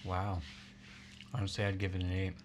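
A man's voice: sits low, monotone, moderate pace, slight background noise. A young man co-hosting a snack tasting, casual and joking, stumbling over foreign words. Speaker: co-host of a snack tasting show. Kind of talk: casual chat.

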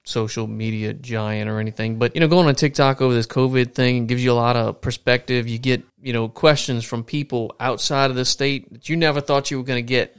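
A man hosting a relaxed chat, rambling loosely with lots of "you know". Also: medium pitch, a little fast, few pauses, clear, resonant tone. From Louisiana. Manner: relaxed, rambling, many fillers. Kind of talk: casual conversation.

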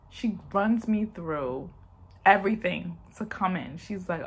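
Expressive and measured, a young woman with a lower, slightly rough voice chats through a casual story for her vlog audience. She says "y'all" to viewers and acts out the quotes along the way.

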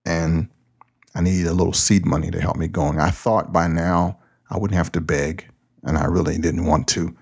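A man's voice: deep voice, flat delivery, moderate pace, vocal fry, darkish tone, breathy edge. A man who hosts a podcast and pastors a church, talking in a loose, plain-spoken, conversational way. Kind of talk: casual podcast talk.

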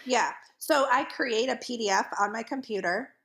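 A woman's voice: fairly high pitch, normal speed, creaky, fairly bright tone. Giggly woman podcast host. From American South. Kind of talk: casual chat.

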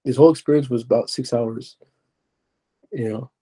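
A young man telling his personal testimony as a podcast guest, halting and restarting as he searches for words. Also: medium pitch, warm tone, husky.

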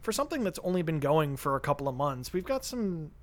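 A man's voice: fairly high pitch, big pitch swings, fast. A man co-hosting a casual podcast chat, wry and teasing. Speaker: podcast co-host.

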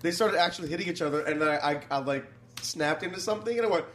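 A comedian in casual chat, telling rambling, animated stories with a lot of swearing. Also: male voice, fairly high pitch, fast, a loud crowd.

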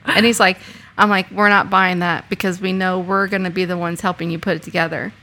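A woman's voice: fairly low pitch, level tone, brisk, sharp tone. A middle-aged woman, a podcast guest, telling rambling family anecdotes in casual chat.

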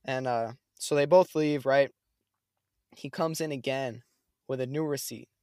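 A young man chatting casually, telling a story in a lively, slangy way. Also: mid-range voice, measured pace, clear, resonant tone, dry recording, studio quality. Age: young adult. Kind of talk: casual chat.

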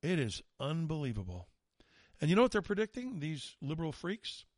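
A talk radio host, a man, delivers an indignant, sarcastic rant. His voice sits a touch high for a man and swings widely in pitch. The sound is close and dry, with no room around it. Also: very animated, moderate pace, no echo. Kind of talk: opinionated talk radio monologue.

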